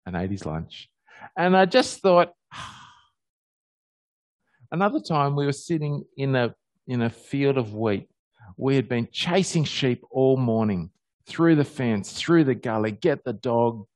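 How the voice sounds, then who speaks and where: Aussie guy doing a chatty sermon, bouncy storyteller voice, dry sound, no echo. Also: a little slow. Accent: Australian. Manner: animated storyteller, pitch jumping high on happy moments. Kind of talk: conversational sermon with personal stories.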